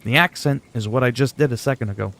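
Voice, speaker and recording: Gravelly-voiced man chatting on a livestream. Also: medium pitch, fast talker, a bit bright. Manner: joking, rambling, reads chat aloud. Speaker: gaming livestreamer. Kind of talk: casual livestream chat.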